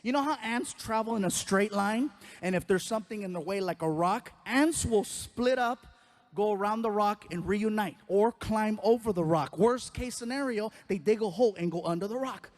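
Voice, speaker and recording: A man doing a stand-up comedy routine, telling an animated story and acting out voices and sound effects. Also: high voice, fairly quick. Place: live comedy stage.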